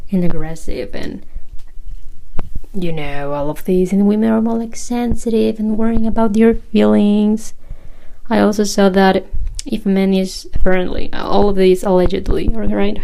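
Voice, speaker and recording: A woman's voice: medium pitch, gravelly, mellow, low-quality recording. A young woman hosting a solo podcast, chatting casually and rambling, laughing often and restarting her sentences. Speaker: podcast host.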